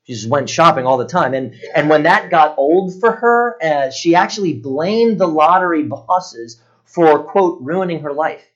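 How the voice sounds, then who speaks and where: A pastor delivers his sermon in a slightly raised, earnest voice. He often lets his words sink low and soft on the weighty points. The recording sounds muffled and lo-fi. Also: animated, a little slow.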